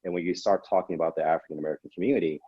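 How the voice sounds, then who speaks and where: A man's voice: low voice, fairly even intonation, rapid-fire, husky, no room sound, lo-fi sound. A man in his thirties, a psychiatrist and professor, giving emphatic, instructive advice on a panel. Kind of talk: panel discussion.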